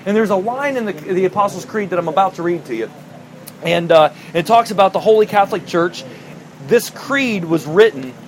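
A man preaches in a high voice, telling a personal story with emphatic, animated energy. His voice climbs toward near-shouting at the story's peaks. A faint background hum sits behind him. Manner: storytelling, emphatic, rising to near-shouting when recounting anger. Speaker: pastor. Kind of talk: sermon.

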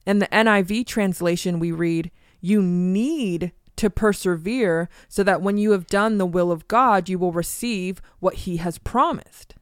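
Woman, Bible podcast co-host, deliberate scripture reader, clean dry studio sound. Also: fairly low pitch, clean tone, dry recording. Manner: measured, reads scripture slowly and deliberately.

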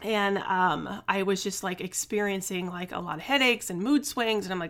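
A woman's voice: medium pitch, normal speed, fairly bright tone. A woman in her forties hosting a casual solo podcast, talking candidly and chattily, venting her frustration and swearing freely. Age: 40s. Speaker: podcast host.

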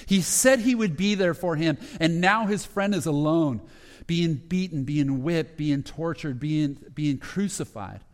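A man's voice: on the high side, measured pace. Man, pastor, sermon storytelling, acts out quotes, lingering hall echo. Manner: retells scripture with quoted dialogue, dropping to a hushed voice at emotional moments. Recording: long hall reverb.

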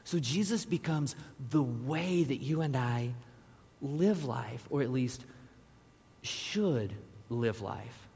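A man's voice: mid-range voice, expressive, takes it slowly, vocal fry, darkish tone, slightly rough. A man, a pastor, delivering a conversational sermon and turning now and then to speak directly to the congregation. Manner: conversational preaching with asides to the audience. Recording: long reverb of a large hall.

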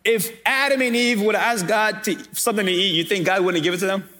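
High-voiced man preaching a sermon. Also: brisk, sharp tone, soft background music. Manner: preaching, addressing the congregation directly. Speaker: pastor.

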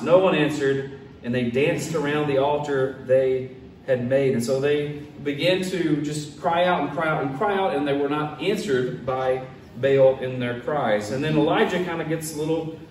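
A pastor with a slightly high voice preaches a casual sermon, animatedly retelling a story and acting out the quotes in character voices. The mic sits at a distance in an echoey room, with faint ambience and slight background noise.

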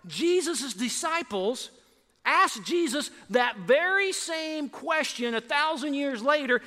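Sermon pastor, bright high-pitched man, lively and animated, church hall reverb. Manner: animated, acts out biblical voices with rising emphasis. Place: church sanctuary.

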